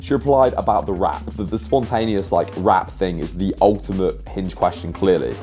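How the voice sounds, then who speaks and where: A young man reading out and commenting on his dating app chats in a sarcastic, deadpan way, swearing casually. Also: low voice, moderate pace, soft background music.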